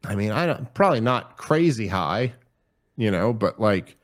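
A man talking as a podcast guest in casual chat, animated, profane and rambling. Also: fairly low pitch, moderate pace, dry recording.

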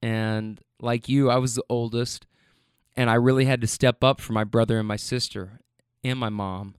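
A man's voice: medium pitch, steady tone, moderate pace, smooth, dry recording, studio quality. A man who drives for a rideshare service, recounting a ride in his car in an earnest way and tending to get choked up when he speaks from the heart.

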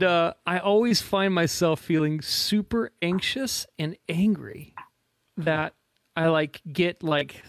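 Gravelly man telling a joking anecdote. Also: sits high, dry recording, clean studio sound. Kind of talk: casual conversational storytelling.

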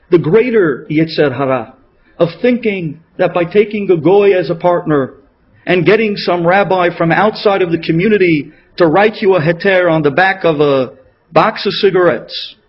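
Rabbi guy preaching, kinda husky and higher-pitched, really dramatic storytelling, muffled lo-fi radio sound. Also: moderate pace. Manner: dramatic, emotional delivery with big swings in pitch and loudness. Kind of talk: sermon storytelling. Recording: dull lo-fi radio recording.

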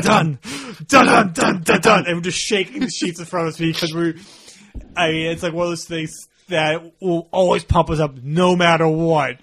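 A man hosting a casual podcast, telling stories with energy and slipping into quick impressions. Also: on the high side. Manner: animated storyteller, slips into impressions. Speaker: podcast host. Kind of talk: casual chat.

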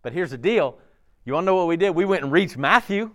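Animated preacher man. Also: high-pitched, fast. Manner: animated, conversational preaching with laughs and asides. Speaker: pastor. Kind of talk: sermon.

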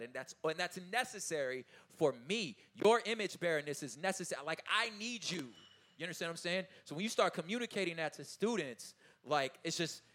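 A man in his thirties giving a casual, animated talk to an audience, often checking in with his listeners and laughing as he goes. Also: fairly high pitch. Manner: loose, informal phrasing with laughs. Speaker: artist speaking at a talkback.

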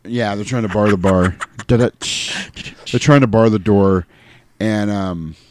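A man's voice: on the low side, moderate pace, a little mellow, a little hiss or hum. A man co-hosting a casual chat, animatedly recapping a movie and acting out its lines with laughter. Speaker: podcast co-host.

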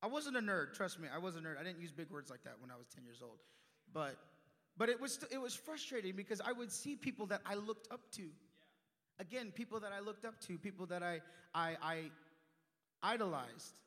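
Animated young male preacher in a reverberant church. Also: sits high, a little fast. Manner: animated, swings from loud emphasis to hushed asides. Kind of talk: sermon. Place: church sanctuary.

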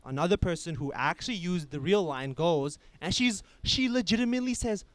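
Young male co-host, slightly high voice, swears and rambles through stories, dry close recording. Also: animated, a little fast, a bit bright, no room sound. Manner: profane, rambling storyteller. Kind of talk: casual chat.

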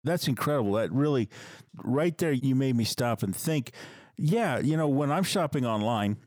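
A man's voice: mid-range voice, expressive, moderate pace, darkish tone, dry recording. A man hosting a podcast interview, responding with interest and thinking aloud through examples. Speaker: podcast host.

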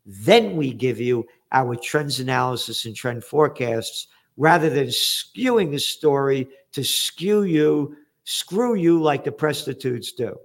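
Blunt, sarcastic man reading headlines. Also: fairly high pitch. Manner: blunt, sarcastic, profane, emphatic. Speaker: trends forecaster hosting a news commentary show. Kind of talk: opinionated news commentary, reading headlines.

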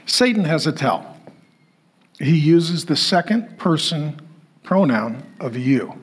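A man's voice: fairly high pitch, takes it slowly, breathy edge. A man preaching a sermon to a congregation, telling a story and acting out the people in it. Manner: animated, acts out quoted voices. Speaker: pastor.

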